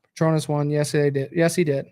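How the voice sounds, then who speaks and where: A tired American man with a fairly high-pitched voice chats loosely on his podcast. He rambles, trails off and reacts aloud as he reads comments. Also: level tone, fairly quick, darkish tone, smooth. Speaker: podcast host. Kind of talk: casual live-stream chat reading viewer comments.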